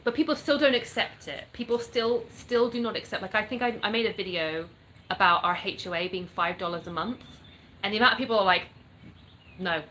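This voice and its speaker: A woman's voice: medium pitch, pushed and bright, slight background noise, rough recording. A woman in her thirties with a mixed English accent, chatting casually as she reads viewer questions aloud and answers them frankly. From born in the US, raised in England. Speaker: content creator answering viewer comments. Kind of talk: casual live chat reading comments aloud. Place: home in North Florida.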